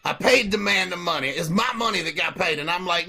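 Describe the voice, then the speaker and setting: A man hosting a casual comedy podcast, telling profane, animated stories. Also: high-pitched, brisk, vocal fry. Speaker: podcast host.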